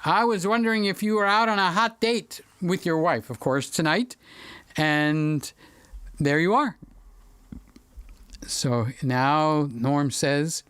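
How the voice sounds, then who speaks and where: A man's voice: a little high, lively intonation, takes it slowly, pauses often, a bit bright, clear, resonant tone, no room sound. A middle-aged man hosting a livestream, reading viewer comments aloud and joking around in casual chat, speaking into a studio microphone. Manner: chatty and joking, drifts off topic. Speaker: livestream host.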